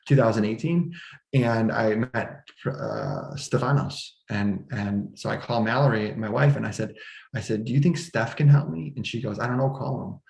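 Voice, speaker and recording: A man's voice: lowish voice, gravelly, echoey room. A man recounting a personal story in conversation, with an emotional, restless delivery full of restarts and quoted dialogue. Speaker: podcast guest. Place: indoor room at home.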